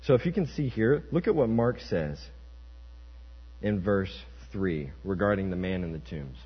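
A man's voice: low voice, lively intonation, a little slow. A young man preaching a sermon, telling a story and acting out the voices in it. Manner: storytelling, acts out quoted voices. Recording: muffled church hall with mains hum.

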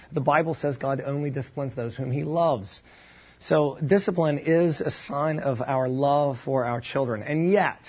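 A man with a slightly husky voice teaches from the Bible in a relaxed, conversational way. He thinks aloud and circles back with asides and restarts. The recording sounds dull and muffled. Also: mid-range voice. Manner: thoughtful, informal, with asides and restarts.

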